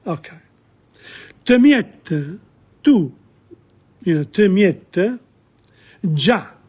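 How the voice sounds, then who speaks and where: Husky man teaching Neapolitan lyrics. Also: fairly high pitch, darkish tone. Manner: explains Neapolitan song lyrics line by line, with restarts and asides. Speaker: Italian language teacher. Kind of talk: informal language lesson.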